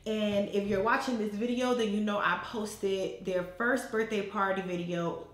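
A woman's voice: mid-range voice, steady tone, measured pace. A woman vlogger and mother of twins talking casually to her viewers, chatty and emotional. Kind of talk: casual direct-to-camera chat. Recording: echoey room.

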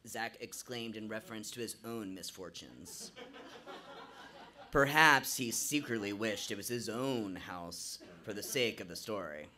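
A man tells a true story live on a small stage, his voice bright and forceful. He narrates vividly with a theatrical flair, leaning into each scene. It comes through a stage microphone. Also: lowish voice, lively intonation, measured pace.

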